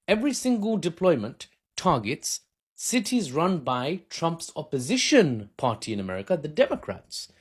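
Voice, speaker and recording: A man's voice: a little high, sing-song, normal speed, husky. A man talking into his phone camera, casually explaining politics in an unscripted, self-mocking way with frequent laughs. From Britain. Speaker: political commentator.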